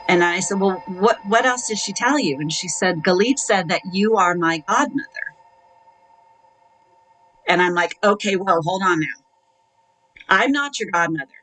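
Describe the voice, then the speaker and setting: A middle-aged woman telling her own story in an interview, measured and hesitant, acting out the dialogue she recalls. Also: on the low side, a bit bright, poor audio. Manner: measured, recounting with quoted dialogue and hesitant fillers. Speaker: interview guest.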